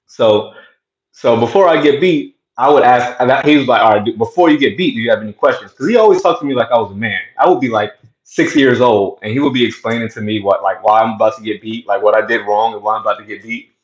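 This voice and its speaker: A man's voice: mid-range voice, quick pace. A man hosting his own show, telling a childhood story in a conversational way and then making his point. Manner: conversational, animated when telling stories. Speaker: host. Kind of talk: casual commentary with storytelling. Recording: echoey room, slightly dull sound.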